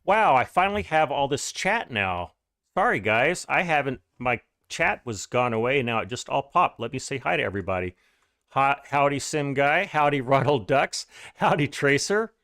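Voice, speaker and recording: A man's voice: medium pitch, lively intonation, moderate pace, fairly bright tone, no room sound. A man talking loosely into his stream while he plays a farming game, stopping to greet his chat with a friendly "howdy" and trailing off mid-sentence. His voice sits in an ordinary middle register. The sound is close and dry, with no room around it. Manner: chatty, greets viewers with "howdy", rambling restarts. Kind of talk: casual live-stream gaming commentary.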